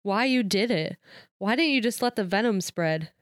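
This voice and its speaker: Woman reading a determined, irritated teenage girl from a novel; smooth and dry. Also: medium pitch, lively intonation, normal speed, no room sound, lightly acted. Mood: insistent.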